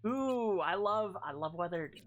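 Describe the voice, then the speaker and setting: A woman's voice: mid-range voice, animated, measured pace. A woman streaming a game and chatting casually with her chat. She thinks aloud and swears often. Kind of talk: casual live game commentary.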